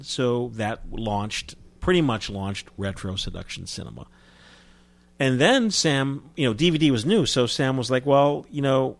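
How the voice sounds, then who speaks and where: A man's voice: mid-range voice, gravelly. A man from New Jersey telling stories as an interview guest, chatty, with frequent restarts. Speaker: guest, film distributor. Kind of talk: casual interview storytelling.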